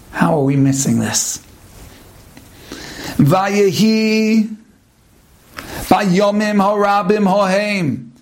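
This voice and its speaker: High-voiced rabbi with slow, drawn-out delivery. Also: male voice, a little mellow. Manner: rhetorical questions, drawn-out emphatic pauses; mixes Hebrew terms into English. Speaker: rabbi giving a Torah talk. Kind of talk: Torah lesson sermon.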